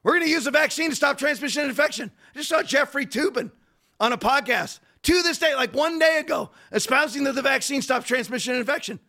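Male podcast host, very high-pitched, bright pushy tone, rhetorical rants. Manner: rapid, digressive, rhetorical ranting. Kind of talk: political commentary.

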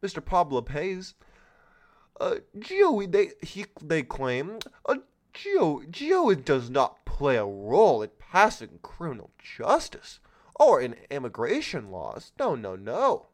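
Sarcastic, lively-pitched male podcast host. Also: measured pace. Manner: sarcastic, mocking, exclamatory. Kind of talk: solo political commentary podcast.

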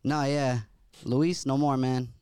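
A man's voice: mid-range voice, little pitch movement, takes it slowly, warm tone, slight background noise. A man joining a podcast conversation who talks in a laid-back, joking way. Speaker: podcast guest. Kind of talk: casual chat.

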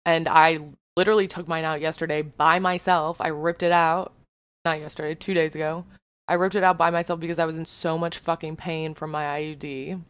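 A young woman with a lowish voice speaks her mind on a personal podcast, frank and heated, swearing freely. The sound is close and dry, with no room around her. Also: little pitch movement, a little fast, clean tone, dry recording. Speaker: podcast host. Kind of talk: personal monologue.

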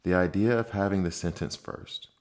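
A man's voice: low voice, normal speed, a little mellow, natural voice. A man voicing a bold, indignant young girl who talks back. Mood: defiant. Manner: indignant, defiant.

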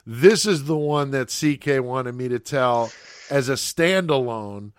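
A man casually telling a profane, animated story as a podcast host, checking in with "okay?" as he goes. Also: medium pitch, measured pace, clean tone, no room sound, clean studio sound.

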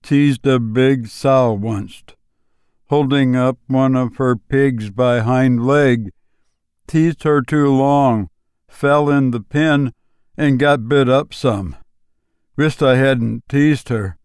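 A man voicing a lonely backwoods boy who speaks in slow, flat, matter-of-fact rural talk. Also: medium pitch, smooth, no room sound, clean studio sound, lightly acted. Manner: slow drawling rural speech, flat and unbothered.

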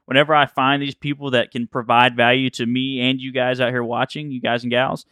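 Man, smooth voice, telling rambling stories. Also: medium pitch, level tone, brisk, bright, forceful tone, dry recording, clean studio sound. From Alabama, US. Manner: rambling storyteller, laughs often. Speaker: podcast co-host. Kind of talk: casual chat.

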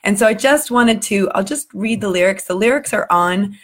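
A woman's voice: mid-range voice, normal speed. A woman hosting a casual vlog for her community, speaking earnestly and with open emotion. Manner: earnest, warm-hearted, a little emotional. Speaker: community group host. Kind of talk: casual heartfelt vlog talk.

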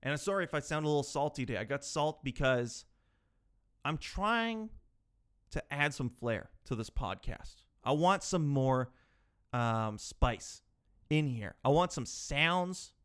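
With a mid-range voice that is a bit bright, clear, and resonant, a thirty-year-old man hosts his solo podcast at a measured pace. His talk rambles and turns self-mocking, and he grows exasperated along the way, recorded on a podcast microphone.

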